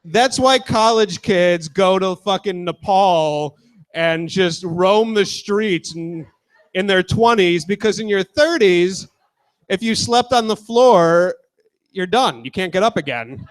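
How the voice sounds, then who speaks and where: Crude young stand-up comic, high voice. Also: male voice, slow pace. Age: 20s. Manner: casual, crude, talks with the crowd. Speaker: stand-up comedian. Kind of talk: stand-up set.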